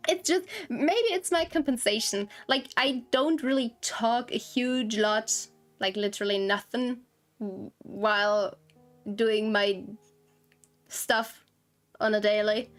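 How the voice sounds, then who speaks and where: A woman's voice: fairly high pitch, slow pace, pauses often, soft background music. A young woman streamer rambling casually to her chat, giggling often and easily flustered. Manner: rambling, giggly and self-conscious. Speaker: game streamer. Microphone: desktop streaming mic, no camera.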